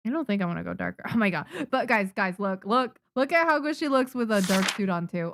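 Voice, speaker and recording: A chatty woman from Japan whose first language is Japanese talks to her stream viewers while working on manga designs. Her pitch swings freely as she gets excited, and the sound is dry and close with no room around it. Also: dry recording. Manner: chatty, excitable, quick to laugh. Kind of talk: casual live-stream chat while drawing.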